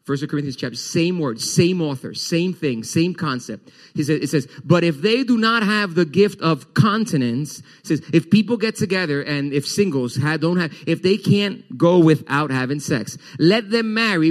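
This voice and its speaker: Animated male pastor preaching a sermon. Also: on the high side, moderate pace. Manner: animated preaching, voices congregation questions, repeats words.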